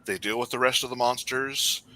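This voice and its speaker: A man's voice: medium pitch, steady tone, moderate pace, bright, forceful tone. A man co-hosting a podcast in casual chat, rambling with many restarts as he critiques. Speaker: podcast co-host.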